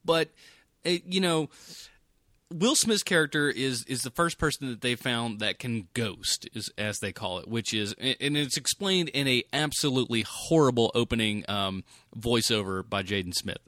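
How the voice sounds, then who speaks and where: A man co-hosting a podcast, chatting casually about a film in an animated, exasperated way, with some swearing. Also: mid-range voice, moderate pace, dry recording, clean studio sound. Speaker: podcast co-host. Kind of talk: casual movie review chat.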